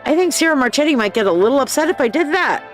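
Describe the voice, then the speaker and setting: A woman's voice: high voice, expressive, very fast, faint music behind. A woman hosting a psychic live stream in casual chat. She reads viewers' posts aloud, acts out the people in them with bold voices, and talks bluntly and with profanity, calling viewers babe and dear.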